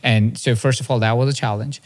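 A man's voice: medium pitch, steady tone, brisk. A man in his thirties, a podcast host and coach, telling a personal story in an earnest, confessional way and often checking in with "right?". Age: 30s.

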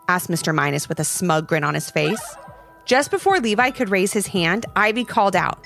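Lively woman reading a storybook. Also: on the low side, normal speed, creaky, faint music behind. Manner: expressive, sing-song delivery.

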